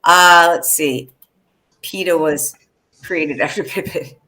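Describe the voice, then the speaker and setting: A woman co-hosting a casual fan podcast, chatty and quick to laugh, with many fillers. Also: low-pitched, sharp tone. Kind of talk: casual chat.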